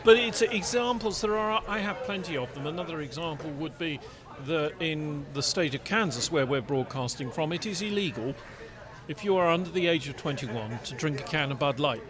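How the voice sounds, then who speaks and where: A man's voice: fairly high pitch, animated, moderate pace. Wry, teasing man over crowd noise. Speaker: podcast co-host. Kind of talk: casual panel chat. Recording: loud crowd noise behind.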